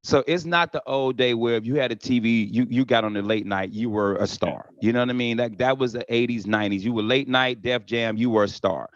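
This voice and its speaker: A man's voice: mid-range voice, a little fast, few pauses, dry recording. A middle-aged man, a guest comedian, telling stories in a casual podcast chat. He briefly mimics the people he quotes and swears freely. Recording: slightly dull lo-fi sound.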